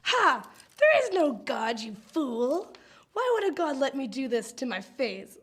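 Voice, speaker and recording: A woman's voice: high voice, very animated, measured pace, a bit bright, slight background noise, exaggerated voice. A woman voicing a godless old witch in a sketch, with a theatrical, cackling delivery. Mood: mocking.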